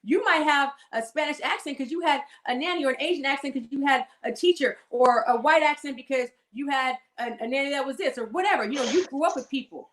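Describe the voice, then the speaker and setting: A woman with a Californian accent talks in a lively, emphatic way, leaning into her points with frequent laughter. Her voice sits a little high. The recording has noticeable room echo. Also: fast, hardly any pauses. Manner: animated, emphatic, laughs often. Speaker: guest. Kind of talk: casual conversation. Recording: echoey room.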